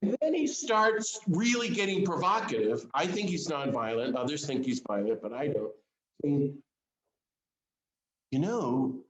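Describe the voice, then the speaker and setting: A man preaches in an easy, conversational way, leaning on earnest questions put straight to his listeners. His voice sits at a middle pitch for a man. The sound carries a noticeable room echo. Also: lively intonation, moderate pace. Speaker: speaker of a Lenten series. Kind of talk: informal sermon to a small group.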